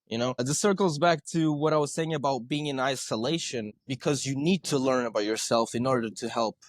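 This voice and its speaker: A man's voice: mid-range voice, a little fast, no echo. A male podcast guest telling stories in a conversational way, earnest, often checking in with "right?" and repeating his words. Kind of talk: conversational storytelling.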